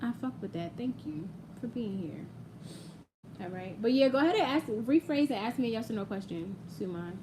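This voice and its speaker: A woman's voice: a little high, lively intonation, normal speed, noisy background. A young woman hosting a casual live-stream tarot reading, chatty and playful, speaking directly to her viewers. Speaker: tarot reader. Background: quiet ambient audio playing.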